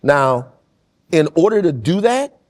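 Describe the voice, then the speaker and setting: A man with a fairly high voice talks on a podcast panel. He speaks with passion and tells stories, driving his points home by repeating them. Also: big pitch swings, takes it slowly, darkish tone. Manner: passionate, storytelling, emphatic repetition. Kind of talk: casual panel discussion.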